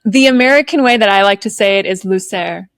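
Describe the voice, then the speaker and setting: A woman's voice: on the high side, fast, a bit bright, smooth, dry recording, studio quality. A young woman from Southern California, a photographer guesting on a podcast, talking in an upbeat, friendly way. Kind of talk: casual podcast chat.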